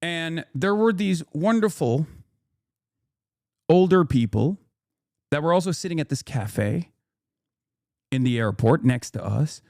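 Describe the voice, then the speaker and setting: A man's voice: on the high side, lively intonation, a little slow, long pauses, a little mellow, dry recording, studio quality. A man streaming casual commentary, swearing freely and rambling in an indignant tone.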